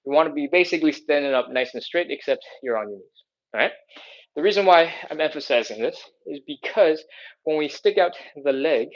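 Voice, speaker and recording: A man's voice: on the high side, lively intonation, fairly quick. Upbeat male stretching coach, lo-fi sound. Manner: coaching, upbeat, repeats "all right?". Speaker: fitness instructor. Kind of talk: live stretching class instruction.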